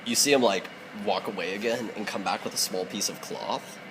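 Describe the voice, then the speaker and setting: A man's voice: fairly low pitch, brisk, noisy background. A man narrating as game master in a loose, casual way, laughing often.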